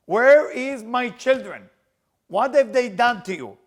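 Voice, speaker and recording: A man voicing a grieving woman who protests loudly and slowly to God. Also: high voice, pitched above the performer's own voice. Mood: indignant grief. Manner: loud, indignant, drawn-out pleading. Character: grieving matriarch, indignant and weeping, woman.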